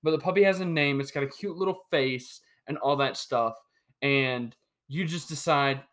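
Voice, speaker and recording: A man's voice: a little high, moderate pace. Chatty young man hosting a sports podcast. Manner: animated, joking, with many restarts. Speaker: podcast host. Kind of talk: solo sports podcast monologue.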